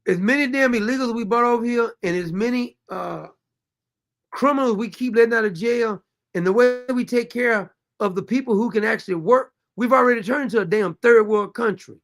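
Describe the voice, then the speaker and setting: A man's voice: very high-pitched, fairly quick, a bit bright. A man hosting a commentary show, reacting to clips with sarcastic, exasperated mockery and reading viewer comments aloud.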